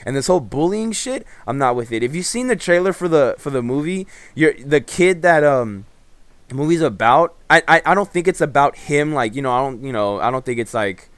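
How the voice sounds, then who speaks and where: A man's voice: on the high side, brisk, clean tone, dry recording. Profane, rambling male gaming commentator. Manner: profane, rambling, with many fillers and restarts; animated storyteller. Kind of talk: casual storytelling over gameplay.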